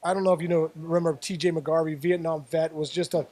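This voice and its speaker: A former baseball player from the Pittsburgh area guests on an interview, telling stories animatedly. His slightly high voice moves quickly, and he keeps repeating words and restarting.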